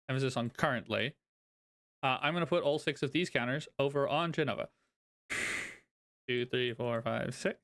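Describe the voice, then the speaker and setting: A man's voice: mid-range voice, smooth. Man thinking aloud while playing cards. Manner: thinks aloud, counts out loud, laughs often. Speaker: card game content creator. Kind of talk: casual gameplay commentary.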